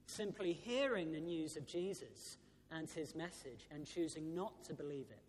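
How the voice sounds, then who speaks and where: A man in his thirties, a Church of England vicar, giving an Easter sermon with a storytelling manner and frequent "uh" fillers. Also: fairly bright tone. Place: large church. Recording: church PA with long reverb, faint rumble.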